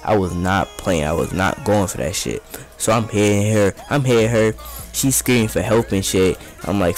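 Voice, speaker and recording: A man's voice: fairly low pitch, moderate pace, a little mellow, soft background music. A young man casually telling a story over gameplay, rambling in profane street slang.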